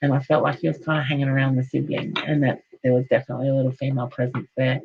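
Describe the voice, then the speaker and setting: A woman's voice: extremely low pitch, flat delivery, racing, creaky, highs cut off, a little hiss or hum. A woman giving a psychic medium reading in a chatty, affectionate way, calling listeners honey and darling. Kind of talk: live online reading, casual chat.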